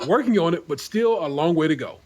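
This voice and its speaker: Husky, wisecracking male podcast host. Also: fairly high pitch, expressive, fairly quick, darkish tone. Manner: laid-back, wisecracking, profane. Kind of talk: casual reading of forum posts aloud.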